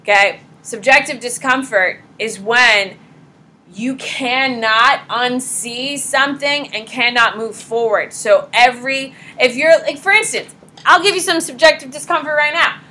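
Blunt bright-voiced woman teacher. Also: high-pitched, unhurried, low-quality recording. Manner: blunt, casual, talks straight to students with mild swearing. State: pregnant. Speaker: high school psychology teacher. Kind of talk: classroom lecture. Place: classroom.

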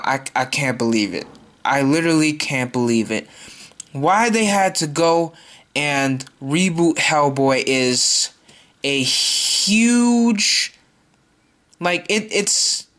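A man's voice: a little high, fairly bright tone. Guy ranting into his camera, fed up, keeps repeating himself. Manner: exasperated, repetitive, ranting. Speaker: YouTuber. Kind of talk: ranting vlog monologue.

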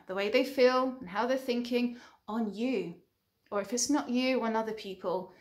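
A woman counselor giving an earnest advice monologue, building her points through repeated short lists. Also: medium pitch. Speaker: relationship counselor.

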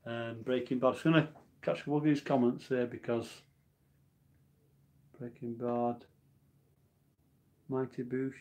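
A man in his forties chats casually on a live stream, with a voice sitting at an ordinary middle pitch. He rambles from one thought to the next and answers viewer comments along the way, in a relaxed, homely tone. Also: measured pace, long pauses. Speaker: homebrew channel host.

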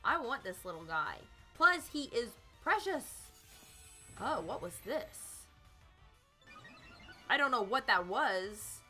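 A woman's voice: a little high, very animated, slow pace, long pauses, pushed and bright, faint music behind. Bubbly woman streaming a game. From South Carolina. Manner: bubbly, giggly, chatty with chat. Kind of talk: live gameplay commentary.

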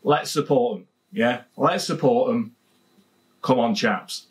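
A man's voice: medium pitch, slow. Chatty Leicestershire man reviewing beer. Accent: Leicestershire English. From England. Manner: chatty and jokey, repeats phrases. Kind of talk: casual vlog review. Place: home garden, outdoors.

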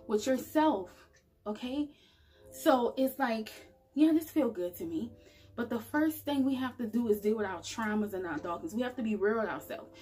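A woman vlogger speaks directly to her followers with a slightly raised pitch and a husky edge. She talks casually and earnestly. She keeps the feel of a heartfelt motivational chat. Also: a little mellow. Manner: earnest, chatty, addresses viewers directly. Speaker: spiritual vlogger. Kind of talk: casual motivational talk to camera.

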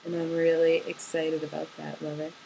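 A young college-age woman speaks a personal voice message to someone she loves, wandering from thought to thought with soft hesitations. Her voice sits slightly low for a woman. A faint hiss runs under the recording. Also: completely flat delivery, moderate pace, gravelly, dull audio. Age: young adult. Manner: rambling, tender and hesitant, with many ums. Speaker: college student.

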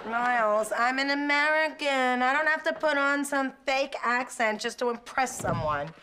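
An actress playing a brassy, quick-witted nanny who talks in wisecracks. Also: female voice, high voice, animated, a crowd in the background. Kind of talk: sitcom acting. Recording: sitcom audio with loud background noise.

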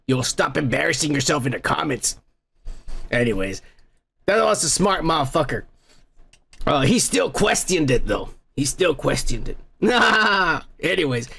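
Profane, lively comic podcast host. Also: male voice, a little high, vocal fry, slightly rough. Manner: profane, rambling, loud mocking asides. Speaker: podcast host reading comments. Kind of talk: crude comedic commentary.

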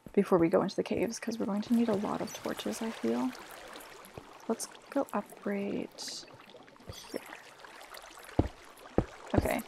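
A young woman talks her way through a game in loose, chatty commentary, teasing herself and leaning on filler words. Her voice has a slightly gravelly edge at a mid pitch. The home recording carries clear background noise. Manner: chatty, self-mocking, lots of fillers like "like" and "literally". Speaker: gaming vlogger. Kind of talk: casual gameplay commentary.

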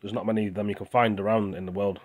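A man's voice: lowish voice, level tone, rapid-fire. A young British man talking with his mouth full, venting in a rambling, indignant casual vlog. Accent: British English. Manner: rambling and indignant, with restarts and repeated words. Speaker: vlogger.

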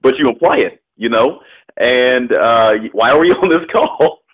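A man's voice: medium pitch, animated, rough recording. Laid-back coaching man on a call. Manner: loose, laughing, quick bursts of role-played phone talk. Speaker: real estate coach. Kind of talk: coaching call, casual advice.

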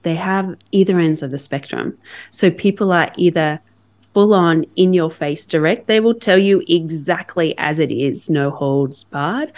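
An Australian woman, a podcast guest, telling lively stories of her work and acting out her own reactions. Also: low voice. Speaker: guest, sales enablement leader. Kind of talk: storytelling in a podcast interview.

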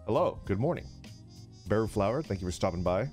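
A man's voice: on the low side, animated, fairly quick, darkish tone, soft background music. A man streaming a casual morning chat, telling a story and laughing often as he greets viewers. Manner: laughs a lot while telling stories, reads chat names aloud.

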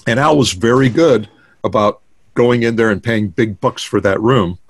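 A man's voice: mid-range voice, moderate pace. A man in his sixties, a guest drummer, telling stories in a casual interview with many fillers and restarts over a video call. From United States. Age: 60s.

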